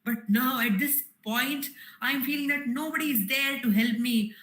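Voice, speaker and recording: A woman voicing a frightened atheist man begging God to save him. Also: a bit bright. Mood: pleading. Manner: pleading, rushed, high-pitched cries. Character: desperate frightened atheist man clinging to a branch. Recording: roomy echoey hall.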